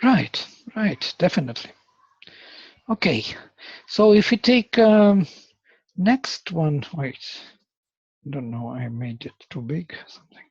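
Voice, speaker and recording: Husky teacher in a dull, dry recording. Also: mid-range voice, animated, slow, long pauses, dry recording. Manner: patient, explanatory, asks for confirmation. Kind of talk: explaining to a student.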